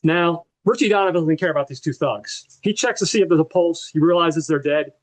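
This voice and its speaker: Here a podcast co-host, a man, talks at a fairly quick clip in a slightly high voice. His retelling of a film's story is animated, loose and foul-mouthed, packed with filler words.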